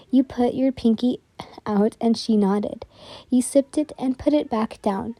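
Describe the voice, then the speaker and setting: A young woman narrating a whispered role-play story in a soft, easily flustered manner. Her voice sits slightly high with a dark, mellow color. It sounds close and dry. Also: a little slow, no room sound.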